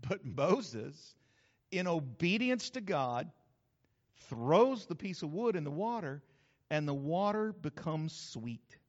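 High-voiced folksy pastor in echoing hall. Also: male voice, takes it slowly. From New Mexico. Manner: folksy, humorous, animated storytelling. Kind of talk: sermon. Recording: reverberant hall, slightly dull sound.

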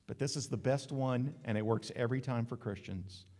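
A man's voice: medium pitch, brisk. A man preaching a sermon in a church, joking and acting out voices in quotes. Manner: lively, joking preacher who acts out quotes. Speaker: pastor. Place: church sanctuary. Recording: long hall reverb.

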